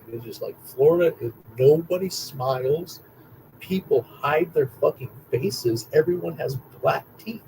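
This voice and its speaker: A young man telling stories in a rambling, excitable monologue, repeating himself and swearing often. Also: medium pitch, creaky, slight background noise, poor audio. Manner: excitable, profane, repetitive storytelling. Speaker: vlogger.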